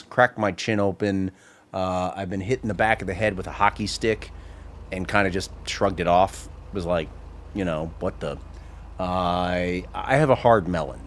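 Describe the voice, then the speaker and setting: Male game streamer, low, lively voice, jokey self-mocking patter, faint noise in the background. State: playing a tipsy character. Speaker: gaming streamer. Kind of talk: casual gameplay commentary.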